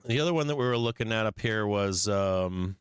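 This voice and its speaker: A man's voice: on the low side, animated, a little fast, clear, resonant tone, dry recording. A man hosting a stock market show who gives casual trading commentary in a blunt, profane, rambling way with many fillers.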